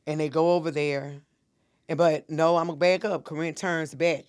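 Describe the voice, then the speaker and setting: A woman's voice: sits low, fairly even intonation, moderate pace, darkish tone, clear, resonant tone. A middle-aged woman speaks as a podcast guest and minister. She tells her story with earnest intensity and acts out the words of everyone involved. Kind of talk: emotional personal storytelling.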